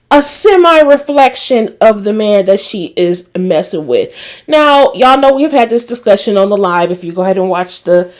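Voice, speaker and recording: A woman's voice: mid-range voice, a little mellow. A woman recapping a TV episode in a casual, chatty way, opinionated and exclaiming as she retells the scenes. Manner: voices quoted characters while retelling scenes. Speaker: recap vlogger.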